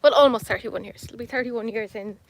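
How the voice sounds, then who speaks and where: A woman's voice: on the high side, a little fast, creaky, slight background noise. Chatty woman on a live stream. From Ireland. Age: 30s. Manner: chatty, rambling, self-mocking, coos at her cats. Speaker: livestream host. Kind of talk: casual livestream chat. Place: home, then outdoors in a garden.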